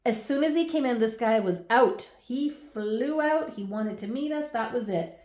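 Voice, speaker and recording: A woman in her forties, the host of a scrapbooking channel, chatting through a baby album at home with laughs and animated asides. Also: fairly high pitch, moderate pace, echoey room. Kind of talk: casual chatty album walkthrough.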